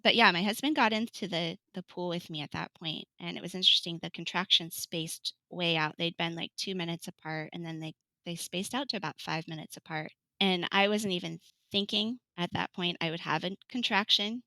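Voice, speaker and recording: Bright, chatty woman telling a story. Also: on the low side, brisk, few pauses, no echo, poor audio. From California. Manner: chatty, laughs often, acts out quoted lines. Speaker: podcast guest. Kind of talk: telling her birth story in an interview.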